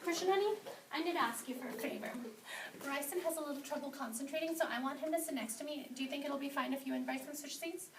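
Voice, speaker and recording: A high-voiced woman teacher talks gently and patiently to young children, praising each by name as she leads the meeting. She is caught from across a roomy classroom. A steady hum of noise sits under her voice. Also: fast talker. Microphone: far camera. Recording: roomy, distant with background noise.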